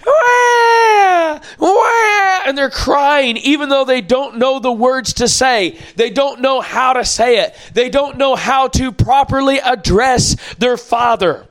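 Guy preaching a sermon, really high voice, gets loud and emphatic quoting scripture. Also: a little slow, hardly any pauses.

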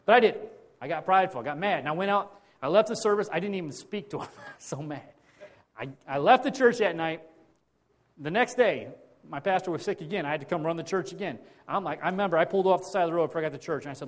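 A male pastor preaching in a loose, conversational storytelling manner. His voice sits a little higher than most men's, and he often repeats and restarts phrases as he goes. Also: expressive, quick pace. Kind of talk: sermon.

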